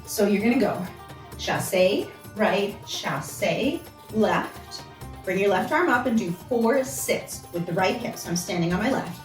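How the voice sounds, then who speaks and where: A woman's voice: medium pitch, expressive, measured pace. A woman teaching a belly dance class, chatting casually and counting out steps as she demonstrates. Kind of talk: instructional dance lesson. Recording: roomy sound from a distance, music behind.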